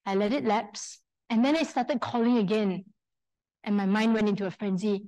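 A woman with a Singaporean accent leading a live workshop, telling stories with animated quoted speech and asking the audience questions. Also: mid-range voice, moderate pace, poor audio. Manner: lively storyteller, acts out quoted speech; engages audience with questions and polls. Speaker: workshop speaker.

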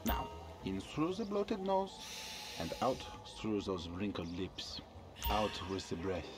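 A theatrical yoga guru, fake French accent, drawn-out calm delivery over music. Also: male voice, lowish voice, heavily acted. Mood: dreamy. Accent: put-on French. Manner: slow, breathy, theatrical instruction. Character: pretentious male yoga instructor, smug and dramatic. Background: game music.

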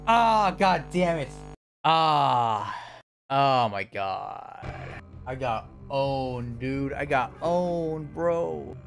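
A young man streaming a horror game, excitable and swearing, yelping and shouting whenever he gets startled. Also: mid-range voice, extremely slow, creaky, soft background music. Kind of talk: live gameplay commentary.

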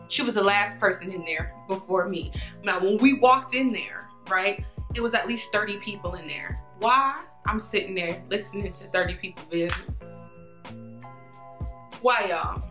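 A woman vlogger telling a story in an animated, chatty way, laughing often. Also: medium pitch, moderate pace. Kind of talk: storytime vlog. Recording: echoey room, faint music.

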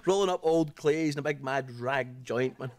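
An actor with a Scottish accent playing a rambling, mocking decorator in a comedy sketch. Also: male voice, mid-range voice, normal speed, natural voice. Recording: loud hiss over TV audio.

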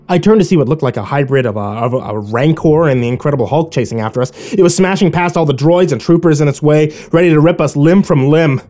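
A man narrating a first-person horror story in a hushed, measured reading style. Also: medium pitch. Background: faint music.

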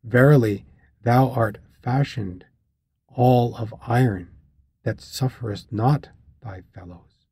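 A man voicing a weary, reproachful sailor from an ancient epic, speaking slowly and solemnly in archaic phrasing for an audiobook. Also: mid-range voice, warm tone, husky, no echo, exaggerated voice. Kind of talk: audiobook reading of a classic epic.

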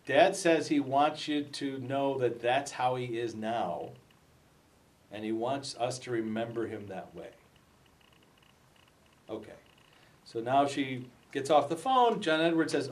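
A man giving a talk, telling stories with lively acted-out dialogue. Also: slow pace, long pauses, recorded from a distance. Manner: lively storytelling, acting out dialogue with raised pitch. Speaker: speaker at a talk. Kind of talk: storytelling talk.

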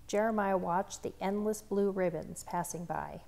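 A woman reading a children's picture book aloud in a measured, earnest narration. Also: medium pitch, creaky, darkish tone. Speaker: storybook reader.

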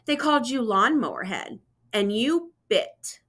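A woman's voice: on the high side, animated, measured pace. A woman reading aloud, voicing a wise, kind grandmother in a storybook who speaks patiently. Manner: warm, patient, teaching.

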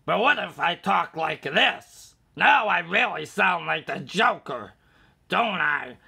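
Menacing cartoonish villain, bright and raspy, teasing threats; man doing the voice. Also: high voice, expressive, takes it slowly, voice pushed up, heavily acted. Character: the Joker, menacing grinning male villain.

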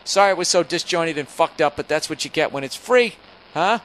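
A man's voice: on the high side, lively intonation, brisk, fairly bright tone, rough recording. A man hosting a podcast, ranting in a rambling, profane, sarcastic way from a hotel room on a single microphone. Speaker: podcast host. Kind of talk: rambling comedic podcast rant. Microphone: single microphone, no headphones.

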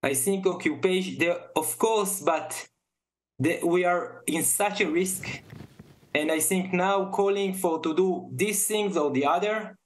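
A tearful man with an Israeli accent speaks haltingly, often repeating and restarting words. His voice sits somewhat high for a man. He sounds shaken and deeply emotional as an interview guest. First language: Hebrew.

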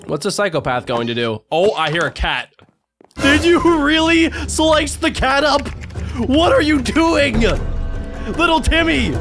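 A young man doing an excited video reaction commentary, yelping, laughing and reading lines aloud in passing. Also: sits high. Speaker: gaming reaction host.

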